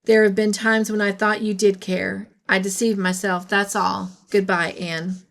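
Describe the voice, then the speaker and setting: A woman reading the lines of an earnest, lovestruck young man in a storybook, speaking quietly. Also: mid-range voice, level tone, a little slow, creaky.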